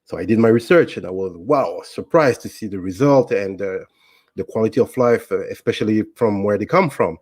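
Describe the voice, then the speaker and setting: Man telling a relaxed personal story. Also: lowish voice, fairly quick, breathy edge, dry recording. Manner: relaxed, anecdotal, with frequent ums and restarts. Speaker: interview guest. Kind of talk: casual storytelling.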